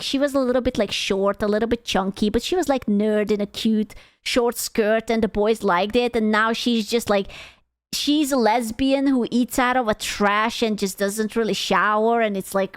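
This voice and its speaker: A woman's voice: fairly high pitch, clean tone, dry recording, studio quality. A woman streamer casually reacting to a video, rambling, stumbling over words and swearing freely.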